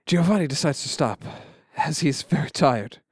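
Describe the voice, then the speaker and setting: A man with a somewhat high voice narrates a scripted story. He speaks in a quiet, measured way. The recording is dry and close. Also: expressive, slightly rough, no echo.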